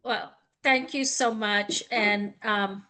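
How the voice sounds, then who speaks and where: This is a woman with a Southern American accent, talking at an easy, slow pace. Her voice is high and bright. She comes over a video call, gracious and a little folksy. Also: fairly even intonation. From Southern United States. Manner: gracious, effusive, drawling. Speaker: guest speaker. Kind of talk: slow, folksy online panel talk.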